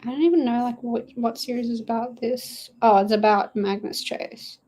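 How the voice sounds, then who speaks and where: A woman's voice: fairly high pitch, fairly even intonation, normal speed, warm tone, rough recording. Chatty young woman streaming a reading sprint. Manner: chatty, rambling, with frequent fillers. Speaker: livestreaming booktuber. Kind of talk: casual livestream chat reading comments. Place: her dad's study at home.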